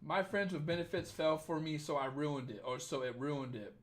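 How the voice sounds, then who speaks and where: A young man hosting a casual livestream, reading viewer comments and giving dating advice in a profane, joking, animated way. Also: on the high side, moderate pace. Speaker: dating coach livestream host.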